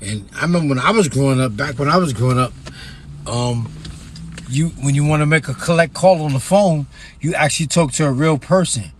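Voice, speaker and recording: An author from New York, speaking with a New York accent in a fairly high voice, talks fairly quickly over slight background noise. He chats casually on a livestream about his books and reads a passage aloud, bluntly and profanely, with sudden bursts of emphasis.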